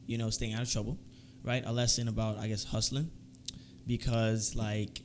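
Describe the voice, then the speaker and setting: A man's voice: lowish voice, little pitch movement, normal speed. Easygoing man with a faint hum behind. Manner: easygoing, hesitant, lots of fillers like "you know" and "I guess". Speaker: podcast co-host. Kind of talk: casual podcast chat.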